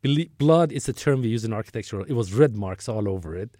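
Speaking quickly and expressively in a lowish, mellow voice, a man in his sixties spins a long work story as an interview guest. He rambles, restarts, and acts out dialogue in conversational storytelling, recorded in a clean studio with no echo.

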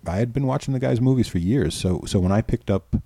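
A man's voice: medium pitch, quick pace, dark tone, no echo. A middle-aged man from New York, a filmmaker guest telling stories in a rambling, casual way with lots of restarts and some swearing, on a close podcast mic. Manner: rambling, repeats words and restarts, swears freely. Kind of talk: casual storytelling interview.

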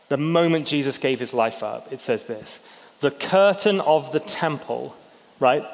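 A man's voice: medium pitch, in a large hall. A man preaching a sermon in a loose, conversational way, acting out the reactions of biblical characters. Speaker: pastor.

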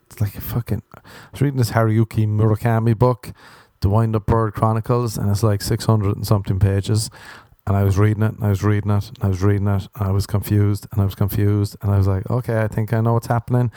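A man's voice: on the low side, mellow, no room sound. Irish male comedian, young, sweary self-mocking rants, dry close mic. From Ireland. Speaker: stand-up comedian. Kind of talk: casual comic monologue.

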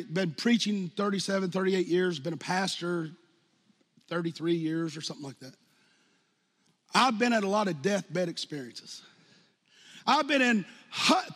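A man in his fifties preaching a sermon as pastor, animated, jumping from loud outbursts to hushed lines and acting out quotes. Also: high-pitched. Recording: long hall reverb.

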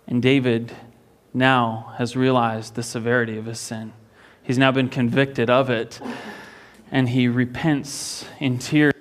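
Earnest man preaching a sermon. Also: medium pitch. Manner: earnest storytelling, repeats words as he restarts. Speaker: pastor. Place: church.

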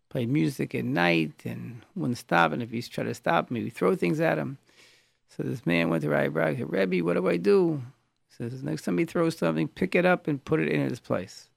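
A man's voice: on the high side, brisk, gravelly, no echo, studio quality. A man, a rabbi, preaching a sermon, telling stories and acting out the quoted lines, often breaking off and restarting words. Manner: storytelling, acts out quoted lines.

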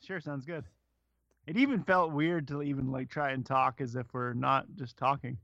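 A man's voice: mid-range voice, moderate pace, vocal fry, fairly bright tone, no room sound, dull audio. A man co-hosting a podcast in casual chat, laughing often and swearing freely. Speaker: podcast co-host.

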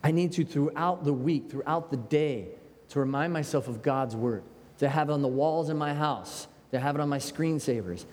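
An American man preaching a sermon in a conversational, animated way, with quoted asides. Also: a little high. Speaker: pastor. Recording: long hall reverb.

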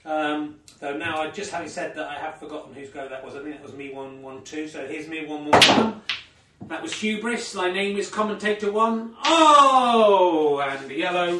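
Higher-voiced man doing dry mock commentary. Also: sharp tone, slight background noise. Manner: dry, self-mocking asides. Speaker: solo snooker commentator. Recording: roomy sound from a distant omni mic.

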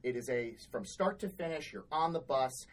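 A rumbling low, expressive female voice at a moderate pace belongs to a podcast co-host. In casual chat she tells work stories bluntly, exasperated and swearing often. The recording is rough.

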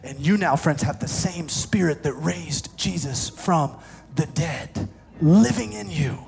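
A man preaching a sermon with passion, climbing to fervent shouts and then dropping to a hushed, prayerful tone. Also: fairly high pitch, slow, vocal fry. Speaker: pastor. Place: church service streamed online.

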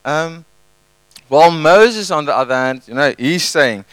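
A male pastor giving a conversational, animated sermon and retelling a scripture story in his own words. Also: on the high side, measured pace, clear, resonant tone, no echo, rough recording. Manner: conversational, animated, tag questions.

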